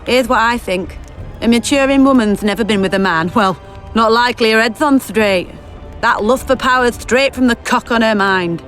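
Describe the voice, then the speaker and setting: An actress playing a bawdy, blunt camp prostitute in a video game, speaking crudely with a slight lisp. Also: female voice, a little high, normal speed, fairly bright tone, soft background music, natural voice. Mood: mocking. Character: bawdy brash young camp prostitute woman.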